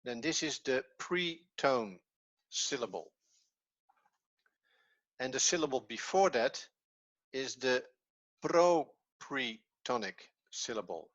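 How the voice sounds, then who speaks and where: A Dutch-accented man leads a lesson over a video call, explaining patiently and repeating key points. He talks at an unhurried, slow pace in a middle pitch, and the call audio comes through dull and lo-fi. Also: lively intonation, a bit bright. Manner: patient, explains step by step with repetition. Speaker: Hebrew teacher. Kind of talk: online language lesson.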